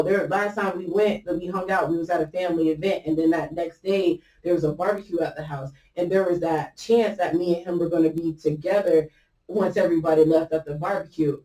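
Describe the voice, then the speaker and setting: In a mellow, fairly low-pitched voice, a woman podcast host rambles casually through a personal story, full of fillers and restarts as she quotes what others said. The mic sits at a distance, giving a roomy echo.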